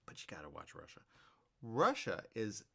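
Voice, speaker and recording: Guy hosting a talk show, just rambling at the camera, keeps going "okay?", kinda low and gravelly. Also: huge pitch swings, normal speed, fairly bright tone. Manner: rambling, repeats himself, keeps checking in with "okay?". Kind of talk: casual monologue to viewers.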